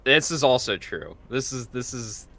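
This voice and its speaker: A man's voice: medium pitch, lively intonation, moderate pace, vocal fry, crowd noise. A man hosting a tabletop game stream, chatting casually and rambling with frequent laughs. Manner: rambling, restarts and laughs often.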